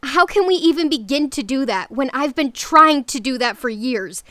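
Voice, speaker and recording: An actress playing a young runaway bride who is defiant and resolute, in an audio drama. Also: female voice, sits high, lively intonation, moderate pace, pushed and bright, dry recording, clean studio sound.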